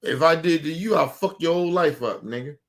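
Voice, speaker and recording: A man's voice: fairly high pitch, a little fast. A man delivering an angry, profane monologue to his audience, repeating himself and challenging his target directly. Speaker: show host.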